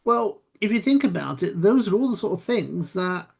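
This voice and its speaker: A British woman chatting on a video call, explaining her points in a measured way with hesitant pauses. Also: mid-range voice, lively intonation, creaky, husky. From Britain. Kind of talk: casual chat.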